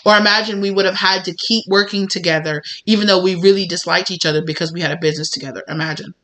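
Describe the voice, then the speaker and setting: A woman's voice: on the low side, fairly even intonation, quick pace, fairly bright tone. A woman giving a spiritual tarot reading, talking in a rambling, conversational way full of fillers and little acted-out dialogues. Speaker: tarot reader.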